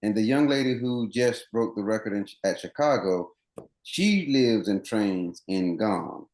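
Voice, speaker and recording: A man's voice: fairly low pitch, expressive, a little slow, a little mellow, roomy sound. A man running coach, interviewed as a guest on a podcast, explaining things earnestly at length with many restarts.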